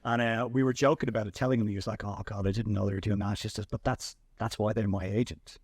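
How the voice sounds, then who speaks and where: An Irish man hosting a podcast, telling animated anecdotes in a casual chat with frequent restarts. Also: fairly low pitch, quick pace, dry recording, studio quality. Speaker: podcast host and filmmaker.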